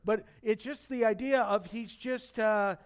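A middle-aged man, a pastor, delivering a sermon in a conversational, animated storytelling manner with jokes and asides. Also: high voice, measured pace, smooth.

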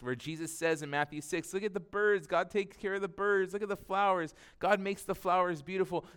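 A man's voice: on the high side, fairly bright tone, clear, resonant tone. A man preaching a sermon in an earnest, conversational way, often restarting his sentences as he explains. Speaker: pastor.

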